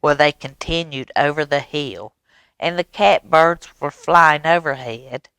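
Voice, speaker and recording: A woman reading a story aloud to children at storytime, with gentle animated asides. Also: low voice, a little slow, clean tone, dry recording.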